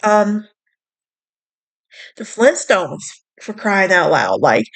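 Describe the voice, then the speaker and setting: A woman's voice: medium pitch, big pitch swings, very slow, long pauses. Chatty young woman with a Southern lilt. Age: young adult. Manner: chatty, sassy, bubbly with frequent fillers. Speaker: podcast host. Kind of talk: casual chat.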